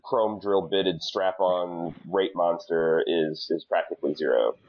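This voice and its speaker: Deep-voiced man, animated and stammering. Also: measured pace, highs cut off. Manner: animated, stammering restarts, jokey. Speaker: podcast co-host. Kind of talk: casual recap chat.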